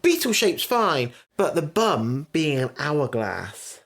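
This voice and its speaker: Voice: mid-range voice, big pitch swings, slow. Blunt, sweary co-host. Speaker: podcast co-host. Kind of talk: casual chat reviewing an episode.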